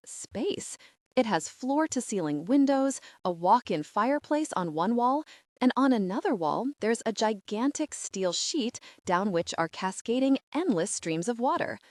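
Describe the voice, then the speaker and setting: A woman narrating a first-person audiobook in a wide-eyed, expressive way. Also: a little high, no echo, clean studio sound.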